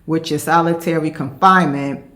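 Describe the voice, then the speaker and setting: A woman host giving scripted narration in a measured, declarative storytelling manner. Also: low voice, steady tone, a bit bright.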